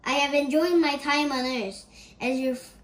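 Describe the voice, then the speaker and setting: A woman's voice: sits high, fairly even intonation, moderate pace, close to an everyday voice. A woman voicing a sentimental male alien third-grade teacher while reading a children's storybook aloud, in an echoey room.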